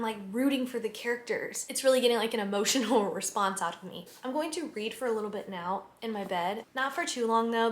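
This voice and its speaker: A young student vlogger with a slightly high voice chats casually to camera at home, in her kitchen and bedroom. She's talkative and giggly, leaning on lots of "like" fillers.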